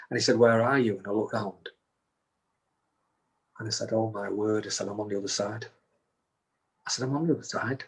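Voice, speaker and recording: Husky low-voiced man telling a story. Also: moderate pace, long pauses. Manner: recounts events with repeated restarts and acted-out quotes. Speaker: guest. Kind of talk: storytelling in conversation.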